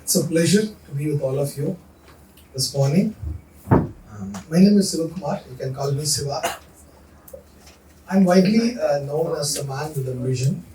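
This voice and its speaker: A man leading a leadership workshop for students, energetic and coaxing, repeating his instructions. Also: on the high side, normal speed, long pauses, noisy background. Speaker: leadership coach running a workshop. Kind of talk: interactive workshop talk to students. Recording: echoey hall, voice from far off.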